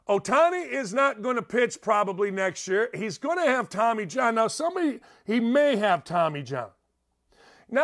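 A middle-aged man hosting a sports talk show, loudly ranting and fired up with his opinions. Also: extremely high pitch.

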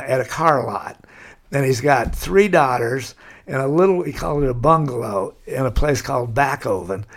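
An older man with a gravelly, fry-edged voice recounts his adventures in a loose, rambling way. He leans on "kinda" and "you know" as he goes, and his pitch sits in an ordinary middle range. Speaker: interview guest. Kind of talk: storytelling.

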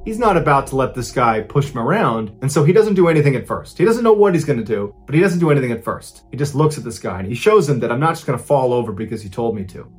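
A man in his thirties, the host, narrating a true story with energy and briefly acting out the people in it. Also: medium pitch. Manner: animated, acts out quoted lines in his own voice.

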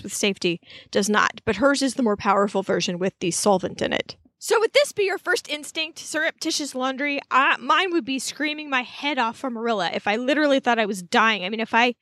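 A woman co-hosting a podcast, telling the story in a chatty, animated way full of asides. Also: a little high, no echo. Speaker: podcast co-host. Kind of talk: casual recap chat.

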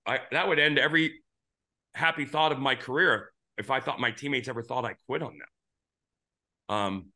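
A man's voice: mid-range voice, pushed and bright. A middle-aged man hosting a baseball talk show, rambling through stories with many restarts. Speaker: podcast host, former pitcher. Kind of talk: casual sports talk.

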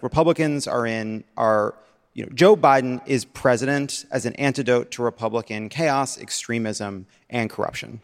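A man co-hosting a political podcast live on stage, swearing freely with a sardonic, animated delivery. His voice sits at a middling pitch. The venue adds a long reverb tail. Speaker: podcast co-host. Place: live stage before an audience.

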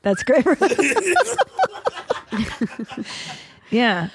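A woman's voice: sits high, huge pitch swings, gravelly, a little hiss or hum. A woman hosting a podcast in a casual, playful chat, teasing her guest and joking freely. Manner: playful, teasing, quick to joke. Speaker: podcast host.

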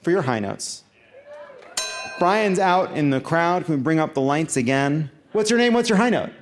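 A man of forty-one hosting a podcast live on stage, excitable and swearing, now and then bursting into shouts. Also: a little high, moderate pace. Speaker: podcast host. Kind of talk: live podcast banter with audience. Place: live stage show in a theater. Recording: live venue recording with audience noise.

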